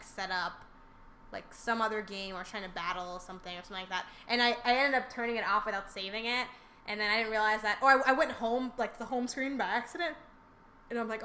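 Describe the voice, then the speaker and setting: A woman's voice: medium pitch, pushed and bright, slight background noise. A woman co-hosting a podcast in casual chat, talking in a chatty, rambling way. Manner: chatty, rambling with many fillers and restarts. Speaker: podcast co-host.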